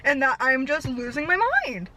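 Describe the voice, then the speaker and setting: A young woman vlogger telling a rambling story fast and out of breath, laughing at herself. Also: high-pitched, sing-song, pushed and bright, rough recording. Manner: breathless, fast-talking, self-deprecating.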